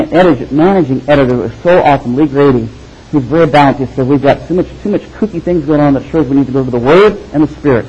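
A man preaching a sermon, animated and storytelling, with quick asides. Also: fairly high pitch, breathy edge, muffled recording. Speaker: pastor.

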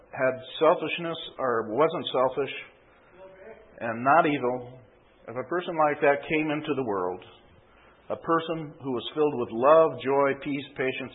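In a sermon recorded with a tinny, phone-like quality, a pastor tells an illustrative story. His mid-range voice carries a breathy edge, and he regularly checks in with a tag "okay?".

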